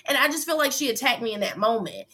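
A young woman telling a story in an interview, emphatic and animated, often acting out the dialogue. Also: a little high, quick pace. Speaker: former reality show contestant.

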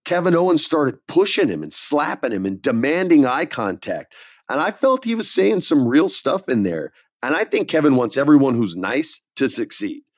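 A middle-aged man co-hosting a podcast, telling stories with excitement and casual slang. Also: mid-range voice, normal speed, dry recording, studio quality. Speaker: podcast co-host. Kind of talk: casual wrestling chat.

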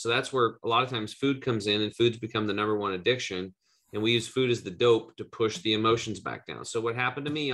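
A man's voice: medium pitch, fairly bright tone. A man from Eastern Oregon hosting a podcast, telling a personal story in loose, rambling casual chat with some swearing. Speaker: podcast host.

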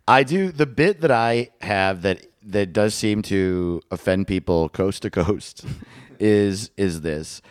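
A man's voice: fairly low pitch, slow, dry recording, clean studio sound. A man co-hosting a podcast in crude comedic banter, riffing on absurd bits and laughing often. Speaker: podcast co-host.

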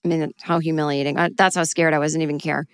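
A middle-aged woman telling a personal story in a lively way, acting out her own frantic voice in sudden high bursts. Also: very fast, clear, resonant tone, dry recording, clean studio sound.

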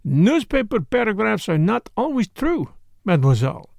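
A man doing a gentle, fussy old detective. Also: high-pitched, sing-song, normal speed, vocal fry, no room sound, clean studio sound, pitched above the performer's own voice, heavily acted. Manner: gentle, formal phrasing. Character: elderly male detective, gentle, fussy, courteous. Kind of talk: audiobook character reading.

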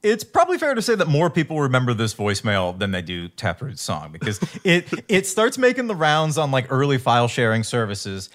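A man's voice: mid-range voice, brisk, few pauses. A man co-hosting a podcast, telling a story in casual chat and reading quotes aloud in a chipper tone. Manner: animated storyteller, reads in a chipper tone. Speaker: podcast co-host.

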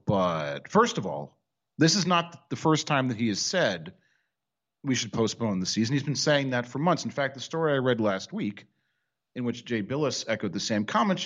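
A sarcastic man hosting sports talk radio, ranting with lively ups and downs in pitch. He sounds like he is talking into a studio microphone. The audio comes through dull and lo-fi. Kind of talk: casual sports talk banter.

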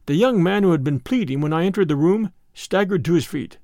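Man reading an audiobook, measured and expressive, pitch moves a lot, dry close mic. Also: no echo. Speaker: narrator. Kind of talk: audiobook narration.

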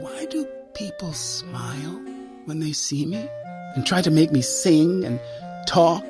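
A man's voice: a little high, big pitch swings, slow, music in the background, voice pushed up, heavily acted. A man voicing a timid, curious young boy who asks hesitant questions in a storybook reading. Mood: wondering.

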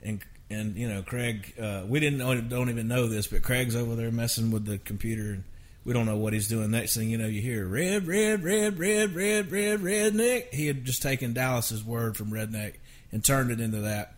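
A man's voice: on the low side, little pitch movement, a little fast. A man, a songwriter guest, telling stories in a rambling, self-interrupting way with frequent chuckles. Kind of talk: casual storytelling interview.

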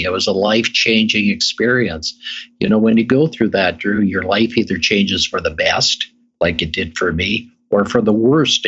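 His voice sits lowish, with a fairly bright and slightly rough tone. He's a middle-aged man guesting on an interview show, relating his story forcefully and repeating phrases for effect, captured in a dull lo-fi recording.

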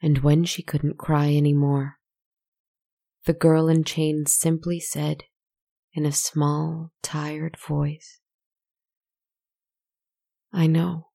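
Female storyteller, deep and dark-toned, even delivery, hushed asides to the listener. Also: takes it slowly, creaky. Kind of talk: scripted story narration. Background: faint music.

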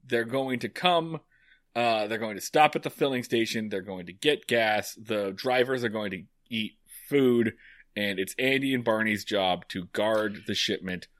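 A man co-hosting a podcast, giving a casual episode recap with wry, deadpan, profane humor. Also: lowish voice, unhurried, dry recording, clean studio sound. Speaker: podcast co-host.

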